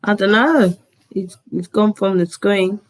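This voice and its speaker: Gentle, soft-spoken woman. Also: medium pitch, a little slow. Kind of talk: casual video-call chat.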